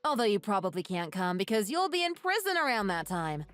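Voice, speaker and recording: A woman's voice: mid-range voice, very animated, a little fast, fairly bright tone. A woman voicing a wronged young bride-to-be who speaks firmly and scornfully to her old tormentor. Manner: firm, scornful.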